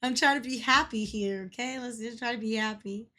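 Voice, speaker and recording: A woman's voice: on the high side, fairly quick, pushed and bright. A woman streaming a game, chatting casually with viewers, giggling often and swearing freely when she gets worked up. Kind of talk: casual livestream chat.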